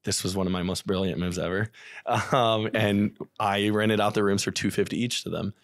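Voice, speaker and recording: A man in his thirties from the Midwest with a Midwestern accent, a chatty podcast guest telling his story with animated quoted asides. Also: lowish voice, moderate pace, no room sound, clean studio sound. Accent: American Midwest. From St. Louis area, USA. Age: 30s. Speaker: podcast guest, real estate investor. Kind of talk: casual podcast interview.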